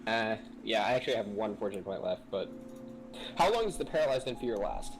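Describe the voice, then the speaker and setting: A man playing a tabletop game, talking in a hesitant way with many pauses and restarts. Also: on the low side, big pitch swings, slight background noise, low-quality recording. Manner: hesitant, full of uhs and restarts. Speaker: player. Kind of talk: casual tabletop play.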